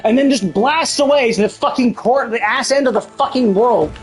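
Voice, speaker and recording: A woman streamer provides live gameplay commentary in a slightly high voice at moderate pace, with soft music in the background. Exasperated by the game, she rants and swears often.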